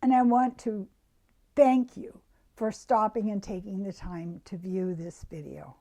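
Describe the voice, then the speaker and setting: A woman giving a reflective self-help talk to her viewers, soft-spoken and often dropping to a hushed near-whisper. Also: mid-range voice, fairly even intonation, measured pace.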